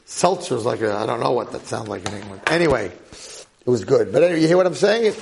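Animated gravelly American rabbi. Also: male voice, mid-range voice, quick pace, slight background noise. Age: older. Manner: jokey, acts out quoted voices, punchy rhetorical questions. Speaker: rabbi teaching a class. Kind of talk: animated storytelling lecture.

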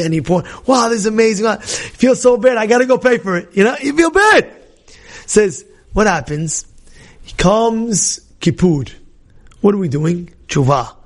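In a high voice, a man leads a Torah class as animated storytelling. He acts out the dialogue, restarts many times, and moves back and forth between loud and soft delivery.

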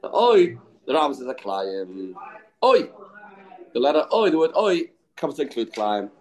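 A man teaching a daily Talmud lesson, arguing both sides in quick English laced with Aramaic and Yiddish terms. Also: medium pitch, very animated, darkish tone, poor audio. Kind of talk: daf yomi Talmud lesson.

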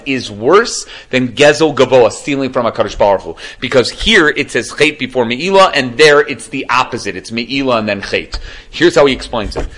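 Animated male rabbi teaching a class. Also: medium pitch. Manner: animated storytelling, quick asides. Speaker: rabbi lecturer. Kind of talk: Torah class storytelling.

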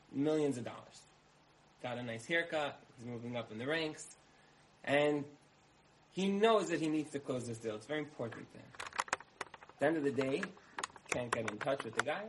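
A man speaking at a middle pitch, telling parables to his listeners. He keeps the delivery conversational and returns to phrases again and again. He often pauses to ask the audience what they think. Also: a little hiss or hum, low-quality recording. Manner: conversational, uses repetition and asks listeners questions. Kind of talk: storytelling talk with parables.

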